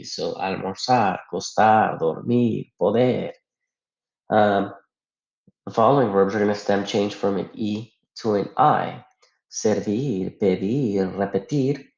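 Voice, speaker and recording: This man's voice is fairly low, creaky, and a little mellow, and he takes his time. He is teaching Spanish grammar, explaining patiently one step at a time and asking rhetorical questions, recorded in an echoey room with dull lo-fi quality.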